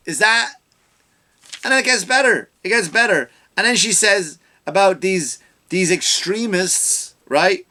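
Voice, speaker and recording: A man hosting a comedy podcast, delivering an animated rant into a studio microphone that climbs into loud, mocking outbursts. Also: high voice, unhurried. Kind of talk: ranting comedy monologue.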